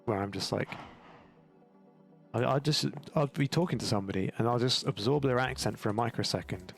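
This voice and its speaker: A man's voice: medium pitch, a little fast, vocal fry. A young English man with an English accent chatting in a rambling, self-mocking way while commentating his gameplay. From England. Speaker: gaming YouTuber. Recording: game music playing behind.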